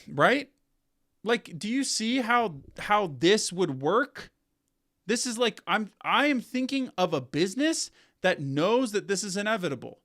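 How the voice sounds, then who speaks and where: A man with a fairly high speaking voice talks through a casual commentary rant. He is animated and rambling and circles back to repeat his points. He sounds like a video creator thinking out loud. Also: a little slow. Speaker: content creator.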